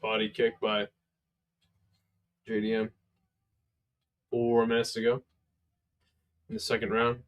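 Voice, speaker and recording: A tired, sleepy man giving casual, profane play-by-play commentary on a live fight stream, relaxed and laid-back. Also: lowish voice, takes it slowly, long pauses, muffled recording.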